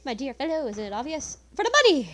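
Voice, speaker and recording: A woman's voice: a little high, expressive, fast talker, a little mellow. A woman voicing an eccentric, money-minded male detective in a theatrical, grandiose manner. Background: game music.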